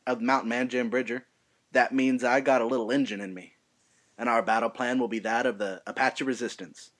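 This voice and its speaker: A man's voice: medium pitch, lightly acted. A man playing a brash, ruthless army lieutenant in a put-on Southern American drawl, swaggering as he addresses recruits. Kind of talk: amateur film monologue reading.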